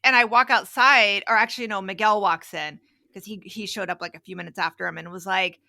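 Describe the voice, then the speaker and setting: A woman's voice: mid-range voice, brisk, vocal fry. A middle-aged woman co-hosting a parenting podcast, telling family stories in casual chat and acting out her kids' lines. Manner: animated storyteller, acts out her kids' lines. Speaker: podcast co-host.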